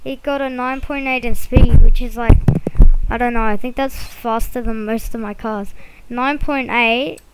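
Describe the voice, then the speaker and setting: A woman's voice: fairly high pitch, fairly even intonation, a little slow, heavy background noise. Chatty woman rambling over gameplay. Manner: rambling, chatty, many fillers and restarts. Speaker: gameplay video creator. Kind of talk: casual gameplay commentary.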